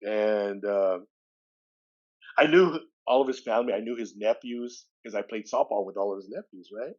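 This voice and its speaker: A man's voice: lowish voice, moderate pace, a little mellow, highs cut off. A man in his sixties from California, a podcast guest telling a personal story in a loose, conversational way. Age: 60s. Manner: loose, conversational, retells dialogue with "he goes".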